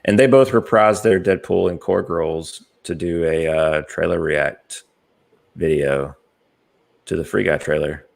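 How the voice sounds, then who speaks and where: A very low, gravelly American man hosts a casual podcast chat. He rambles through his points with plenty of ums and uhs and laughs easily. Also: a little slow. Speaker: podcast host.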